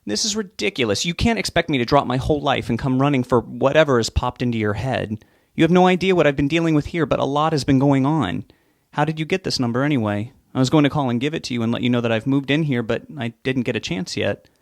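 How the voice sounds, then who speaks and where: A man voicing an irritated, impatient adult son who talks in a sharp, exasperated way. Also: medium pitch, quick pace, no echo, clean studio sound, natural voice.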